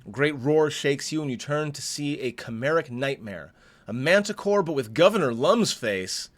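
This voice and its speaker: A man's voice: on the high side, expressive, normal speed. A man hosting a game playthrough, reading the story text aloud and breaking off for chatty asides. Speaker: let's play host.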